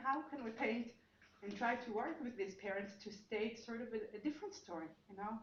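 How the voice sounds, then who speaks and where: A woman's voice: on the high side, brisk. A woman presents her research at a seminar, explaining as she goes and often reworking her sentences mid-thought. Her voice carries through an echoey room with a dull, muffled tone and a faint hiss of noise behind it. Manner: explanatory, thinking aloud with frequent restarts. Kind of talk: academic seminar talk.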